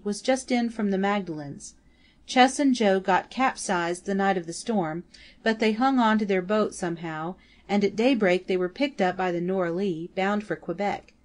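A woman reading the lines of an excited man who brings news from the harbour, trembling and rushed. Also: medium pitch, close to an everyday voice.

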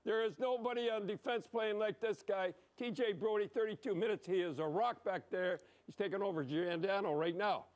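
A man's voice: high-pitched, normal speed, hardly any pauses, a little mellow. An older man giving blunt, emphatic, rambling hockey commentary over replays, dropping frequent "eh?".

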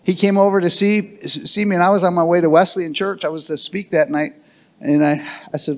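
A male pastor preaching to his congregation in a church, with a voice pitched a little high. He drives his points hard and keeps asking the room for an amen. His delivery is fervent and insistent. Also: fairly even intonation, brisk. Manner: emphatic preaching with call-and-response to the congregation. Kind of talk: sermon. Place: church sanctuary.

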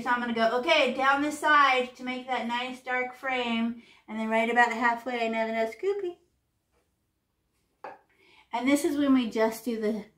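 A woman with a fairly high voice teaches children to paint. She talks them through each stroke in an animated, playful way, dropping in little sound effects and sing-song noises as she goes. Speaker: art teacher.

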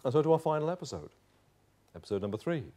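Animated male pastor preaching. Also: a little high, quick pace. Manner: animated preacher, drops to hushed tones for quoted voices. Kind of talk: sermon. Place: chapel.

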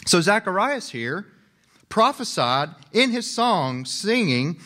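Male pastor, young adult, sermon delivered in a chatty tone with light jokes, voice sits a little high. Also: big pitch swings, takes it slowly, bright, forceful tone. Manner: conversational, joking asides.

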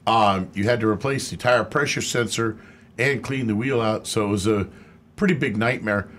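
A man's voice: on the low side, normal speed, a bit bright, a little hiss or hum. A man co-hosting a radio call-in show about cars, explaining answers at length and laughing easily. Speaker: auto expert co-host. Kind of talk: radio call-in car talk.

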